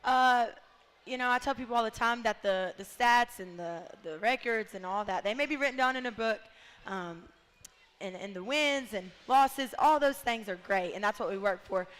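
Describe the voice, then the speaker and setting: A woman's voice: fairly high pitch, normal speed, a bit bright, in a large hall. A young woman basketball player speaking heartfeltly in a casual radio interview, close to tears at times. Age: young adult. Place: bar and grill.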